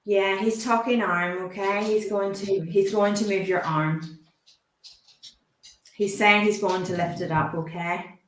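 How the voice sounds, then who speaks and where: A woman working as a medium, talking haltingly and gently reassuring the sitter, often asking permission. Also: mid-range voice, steady tone, slight background noise. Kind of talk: live mediumship demonstration. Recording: roomy echo.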